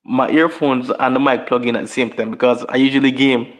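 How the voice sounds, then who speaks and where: A man's voice: mid-range voice, steady tone, fairly quick. A man with a Jamaican accent chats casually on a podcast. He often stumbles over and repeats words, and he laughs easily along the way. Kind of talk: casual chat.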